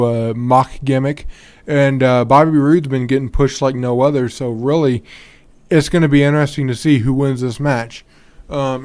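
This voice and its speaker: A man's voice: mid-range voice, darkish tone, clear, resonant tone. A man hosting a podcast on his own in a casual, rambling way, full of ums and restarts, yawning and tired. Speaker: podcast host. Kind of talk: casual solo podcast talk.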